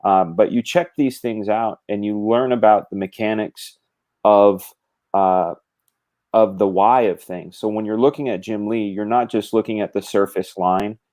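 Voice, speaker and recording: A man's voice: fairly low pitch, steady tone, measured pace, darkish tone. A middle-aged man in casual conversation, animatedly explaining drawing craft with gestures and quoted thoughts. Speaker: comic book artist guest.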